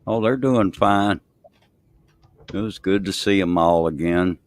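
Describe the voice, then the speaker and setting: Low deep-voiced guy, slow and tired, dry sound on a stream chat. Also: dry recording. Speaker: live stream guest. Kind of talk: casual group chat.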